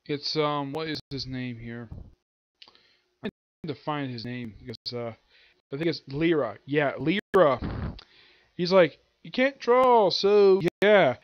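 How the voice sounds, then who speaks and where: A man's voice: medium pitch, measured pace, pauses often, no echo, dull audio. A man reviewing an anime and manga chapter in a casual, rambling way, stopping to hunt for names and acting out the characters' lines.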